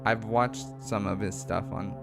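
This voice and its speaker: A man's voice: on the low side, steady tone, unhurried, loud music behind the voice. A man co-hosting a casual livestream show, reading viewer comments aloud and chatting back about them. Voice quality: gravelly. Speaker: talk show co-host.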